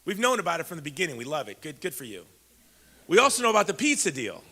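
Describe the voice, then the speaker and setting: A man voicing a stern male army drill sergeant, speaking loudly and emphatically in clipped bursts. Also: fairly high pitch, big pitch swings, fast talker, voice pushed up, full character voice. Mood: teasing. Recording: echoey hall.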